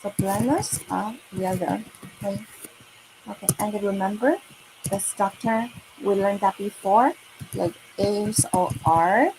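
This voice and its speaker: A woman with a Chinese accent teaching Mandarin to children in a slow, patient online lesson, repeating words and filling gaps with okay and right. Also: medium pitch, noisy background.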